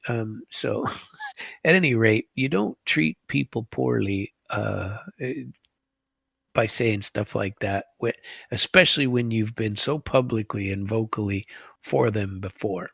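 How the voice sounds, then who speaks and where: A man's voice: lowish voice, a little slow, vocal fry, fairly bright tone, breathy edge, no room sound, studio quality. A middle-aged man hosting a show, rambling through casual political commentary full of restarts and asides. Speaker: show host.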